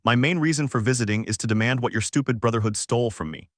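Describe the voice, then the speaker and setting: A man reading the lines of a cold, contemptuous male demon king in an even, unhurried voice, recorded dry and close. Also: medium pitch, no echo, close to an everyday voice.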